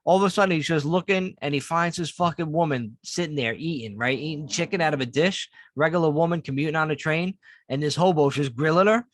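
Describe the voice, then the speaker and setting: A man's voice: a little high, a little fast, no room sound. Profane New man telling stories. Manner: profane, animated storytelling. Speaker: podcast co-host. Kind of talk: casual podcast chat.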